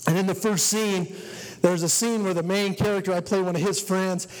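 A man's voice: high-pitched, steady tone, normal speed. A man giving an earnest personal testimony to a church congregation, telling his story and urging the listeners. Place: church hall. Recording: long reverb of a church hall.

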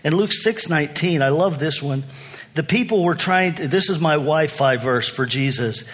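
A man with a slightly high voice preaching a sermon. He talks earnestly and conversationally, often restarting a phrase as he works through his point. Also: lively intonation, normal speed, fairly bright tone. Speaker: pastor.

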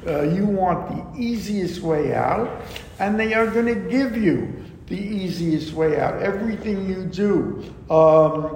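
A man teaching a verse-by-verse Bible lesson, explaining slowly and deliberately with frequent ums and asides. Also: fairly high pitch, gravelly, a little mellow. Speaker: Torah teacher. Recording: echoey room with long reverb and faint background noise.

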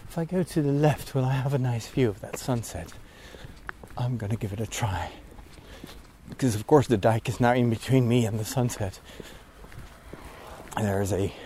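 A priest podcaster recording a casual vlog outdoors while walking, a bit out of breath, talking in a rambling, easily distracted way. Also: male voice, medium pitch, mellow, slight background noise. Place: outdoors on a walk at sunset.

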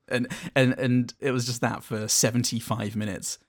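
A man's voice: medium pitch, level tone, normal speed, dry recording. A man co-hosting a podcast, reviewing a movie in a casual, rambling and dryly amused way. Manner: rambling, dry, self-amused. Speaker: podcast co-host.

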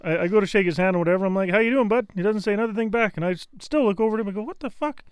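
A man's voice: high-pitched, racing, smooth, no echo. A man telling crude, profane stories as a podcast co-host, talking with friends around a table. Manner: profane, animated storyteller. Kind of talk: crude casual storytelling. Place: indoor room around a table.

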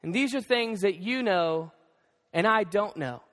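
Guy pastor preaching, lively and chatty, kinda high pitched, big echoey church sound. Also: a little slow. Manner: animated, acts out dialogue with shifting pitch. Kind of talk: sermon. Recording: long hall reverb.

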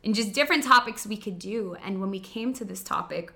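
Bright-voiced chatty young woman. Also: medium pitch, fairly quick, creaky. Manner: chatty, many fillers, laughs easily. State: recovering from a cold. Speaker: co-host. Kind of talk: casual chat on a live stream.

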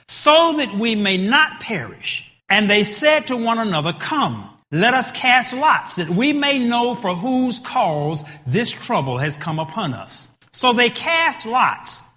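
A man preaching a sermon, reading scripture and then building to emphatic, shouted points with repeated words. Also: high voice, sing-song, slow pace, hardly any pauses. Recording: long reverb of a large hall.

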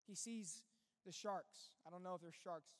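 A pastor preaching a sermon in an earnest, conversational way, full of rhetorical questions. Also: male voice, high voice, normal speed. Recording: long reverb with faint music behind.

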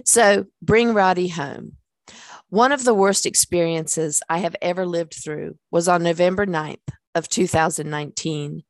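Woman reading her own memoir, earnest, kinda low voice, super dry no room sound. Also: no echo. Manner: earnest, with small laughs and fillers in asides. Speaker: life coach telling her own story. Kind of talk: reading a personal memoir aloud.

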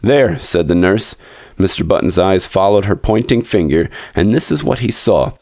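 A man's voice: low voice, animated, normal speed, creaky, darkish tone, dry recording, studio quality. A man reading a classic short story aloud as a podcast storyteller, in a dramatic narration that speaks to the listeners directly.

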